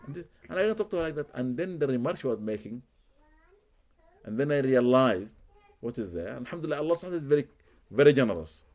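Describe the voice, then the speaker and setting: With a fast, sing-song, slightly mellow voice of medium pitch, a Muslim spiritual healer relates stories as interview answers. Arabic religious phrases pepper his speech, and he repeats words for emphasis.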